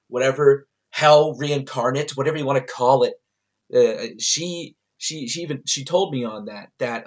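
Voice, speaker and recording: A young man talks straight to his camera in a casual vlog, spinning a rambling story. His delivery is animated and loose, full of filler words, swearing and bursts of laughter. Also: medium pitch. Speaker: vlogger.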